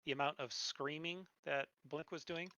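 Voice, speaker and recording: A man running a tabletop game as game master, narrating monster attacks in a relaxed way with filler words. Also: a little high, moderate pace, dull audio.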